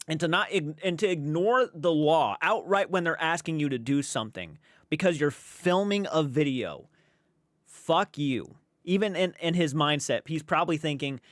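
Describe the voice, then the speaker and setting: A man's voice: fairly high pitch, animated, normal speed, no echo, studio quality. A man giving casual, blunt reaction commentary, exasperated and swearing freely.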